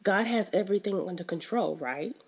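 A woman's voice: mid-range voice, fairly quick, breathy edge. A young woman giving a casual, emphatic devotional teaching in a conversational, colloquial way. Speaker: faith teacher.

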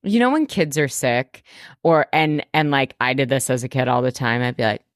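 A woman co-hosts a podcast, recapping a reality show episode in loose, profane chat. Her voice sits low and the sound is close and dry. She acts out other people's lines as she goes. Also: normal speed, no room sound. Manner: animated, swears freely, acts out cast members' lines. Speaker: podcast co-host.

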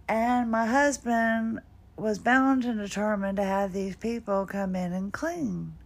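Tired, slow-talking chatty woman. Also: mid-range voice, steady tone. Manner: chatty, rambling, self-deprecating with little laughs. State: tired and drowsy-sounding. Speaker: podcast host. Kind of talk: casual personal monologue.

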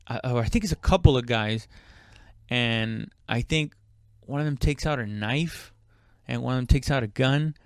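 Clear and resonant at medium pitch, this man talks at normal speed while telling a story offhandedly, stopping and restarting often amid many fillers. He's profane and performs quoted speech loudly. The recording is dry and studio grade.

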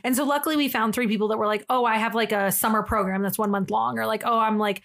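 A young woman co-hosting a podcast, telling a story in casual chat, animated, laughing often and acting out the people in it. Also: a little high, quick pace, creaky. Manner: animated, laughing, acts out quoted voices. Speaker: podcast co-host.

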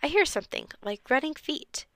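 A woman's voice: sits high, animated, a little fast, a bit bright, no room sound, voice pushed up. A woman reading a storybook and voicing a curious, earnest young boy.

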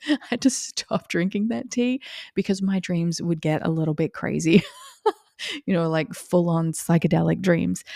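Woman, 40s, from Australia, podcast host; low, warm, unhurried delivery, dry close-mic recording. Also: dry recording. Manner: unhurried, often laughing as she talks. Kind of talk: reflective spiritual podcast talk.

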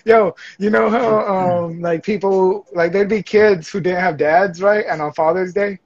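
High-voiced young man teasing, lo-fi. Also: fairly even intonation, unhurried. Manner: laughing, teasing, acts out quotes. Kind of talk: casual podcast banter. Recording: dull lo-fi sound.

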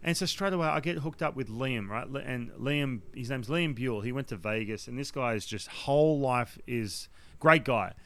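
A man's voice: mid-range voice, normal speed. A man telling a story in casual chat, acting out the quotes. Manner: animated storyteller, acts out quotes loudly. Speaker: podcast guest telling a story.

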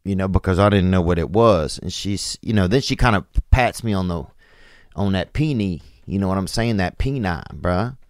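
A low-voiced man rambles through a comic story, stopping and restarting his sentences over and over. The sound is close and completely dry, with no room at all. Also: lively intonation, no room sound. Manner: meandering, halting, full of fillers and restarts. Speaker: podcast host.

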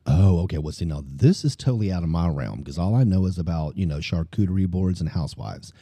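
A man with a Cajun Louisiana accent hosting a casual podcast chat, animated and talkative. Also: deep voice, quick pace, husky, dry recording, studio quality. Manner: animated, chatty, talks with his hands. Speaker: podcast host.

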